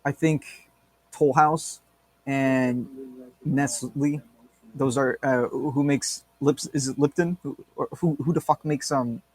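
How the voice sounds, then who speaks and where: A man's voice: medium pitch, fairly even intonation, slow pace, a little mellow. A man co-hosting a podcast, chatting casually in a rambling, crude, joking way with lots of fillers. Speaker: podcast co-host. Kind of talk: casual chat.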